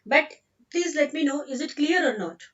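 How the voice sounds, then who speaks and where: High-voiced Indian woman teaching grammar. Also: animated, moderate pace, fairly bright tone, far from the mic, highs cut off. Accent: Indian English. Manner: explains patiently, repeats sentences, mixes in Hindi. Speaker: English teacher. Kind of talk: online grammar lesson.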